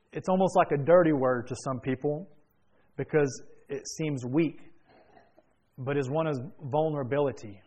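Male pastor, pitch a touch high, earnest sermon storyteller. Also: darkish tone. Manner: earnest storytelling, repeats lines for emphasis. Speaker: preacher.

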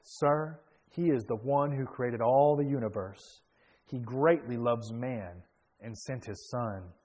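A devout young soldier speaking quietly and steadily as a preacher reads him out. He sounds earnest and calm. The voice sits at a middling pitch. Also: slow pace, low-quality recording. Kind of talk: sermon story reading.

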